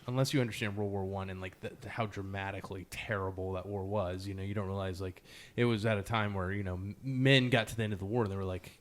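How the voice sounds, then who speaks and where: A man, a podcast guest, telling stories casually with lots of fillers and self-mocking laughs. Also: deep voice. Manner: animated, laughs at himself, many fillers; slow, measured poetry reading. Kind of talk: casual storytelling interview.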